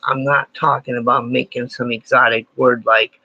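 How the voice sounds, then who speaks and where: A man's voice: mid-range voice, little pitch movement, moderate pace, pushed and bright, dry recording. A man teaching a playful lesson, full of jokey, self-deprecating asides. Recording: dry, dull lo-fi sound.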